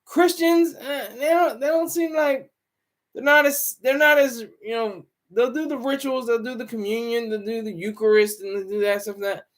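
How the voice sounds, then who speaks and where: High-pitched male streamer; loose, meandering, self-interrupting chat to viewers. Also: fairly even intonation, normal speed. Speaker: livestreamer. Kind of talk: casual livestream commentary.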